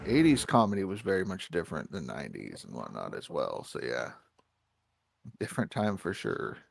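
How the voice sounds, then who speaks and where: A man with a fairly low voice chats casually on a livestream. His pitch swings a lot as he gives opinions, and he quotes crude rhymes with a laugh. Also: very animated, normal speed, vocal fry, breathy edge. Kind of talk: casual chat.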